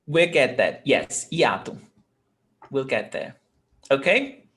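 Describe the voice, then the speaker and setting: Slow, patient language teacher. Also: medium pitch, sing-song, a bit bright. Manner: patient, repeats and sounds out words, switches between English and Portuguese. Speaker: Portuguese teacher. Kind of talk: live online language class.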